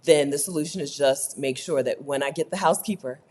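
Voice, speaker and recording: A woman talking casually to camera in a chatty, animated way, often tagging her sentences with "right?". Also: deep voice, fairly quick, a little hiss or hum. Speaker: vlogger. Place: rented apartment.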